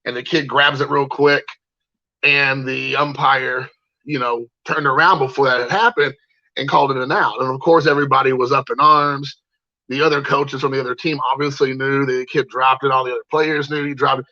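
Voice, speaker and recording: A man talks through a personal story in a loose, casual monologue, stopping often for "uh" and restarting his sentences. His voice has a bright, forward edge, and the sound is dry and a little dull. He stays at an ordinary pitch for a man. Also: steady tone, moderate pace, no echo. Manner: rambling, many fillers and restarts. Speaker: parent telling a personal story.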